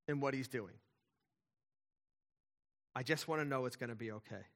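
A man's voice: medium pitch, moderate pace, long pauses, fairly bright tone. A middle-aged male pastor preaching a sermon, emphatic, with intensity that swells and drops back.

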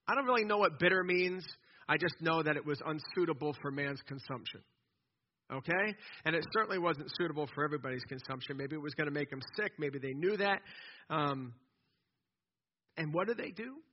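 Husky man preaching conversationally. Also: on the high side, a little fast. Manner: animated, conversational preaching with repeated false starts. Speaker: pastor. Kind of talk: sermon. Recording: dull lo-fi recording.

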